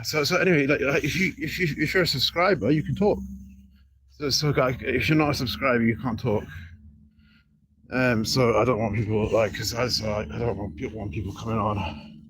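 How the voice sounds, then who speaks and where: Man, casual livestream chat, mid-pitched, rambling, repeats himself, halting restarts, outdoors by a building, phone mic, faint background noise. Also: steady tone, a bit bright. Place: outdoors beside an apartment building.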